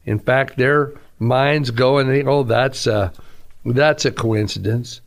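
A man's voice: mid-range voice, fairly even intonation, slow. A man, a pastor, giving an earnest radio sermon that rises to emphatic peaks.

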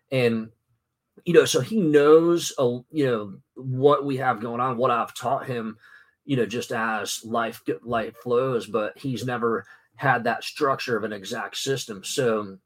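A man's voice: medium pitch, normal speed. A man talking casually to camera about his son, rambling with many fillers and restarts. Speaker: father and vlogger. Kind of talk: casual talking-head vlog.

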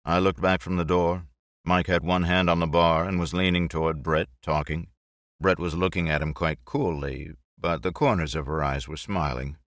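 Deep-voiced male audiobook narrator; measured, expressive, very dry close read. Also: dry recording.

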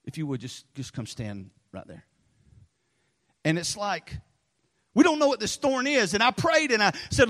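Pastor guy, middle-aged, high voice, rambling animated sermon, big echoey church hall. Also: moderate pace. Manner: rambling, animated storytelling, drops low for asides. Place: church sanctuary. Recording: long reverb of a large hall.

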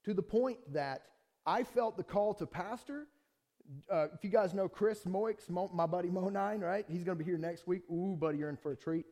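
A middle-aged man preaches to his church with a fairly high voice. He talks through a personal story in plain, conversational terms, dropping to quiet asides and rising to loud, heated outbursts. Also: moderate pace. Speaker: pastor. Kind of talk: sermon with personal testimony.

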